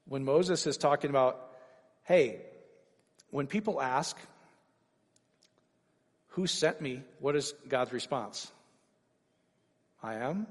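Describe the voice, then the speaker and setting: A man preaching an informal sermon, energetic and full of rhetorical questions and sudden exclamations. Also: medium pitch, in a large hall.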